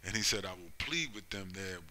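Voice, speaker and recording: Deep voiced guy preaching hard, super forceful tone, keeps going "right? you see?". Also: animated, slight background noise. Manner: emphatic, slows down to stress scripture. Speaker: religious commentator. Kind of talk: preaching commentary on prophecy.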